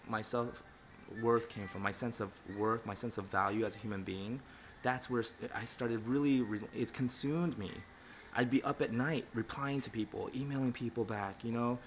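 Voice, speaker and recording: Candid reflective man, faint background hum. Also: medium pitch. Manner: candid and reflective, many fillers like "you know". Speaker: pet groomer and channel host. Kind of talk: casual livestream talk.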